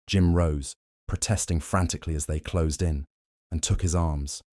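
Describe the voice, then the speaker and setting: A man narrating a short story as an audiobook, steady and even in his delivery. His voice sits very low, and the recording is close and dry with no room sound. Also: moderate pace, no echo. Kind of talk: scripted narration.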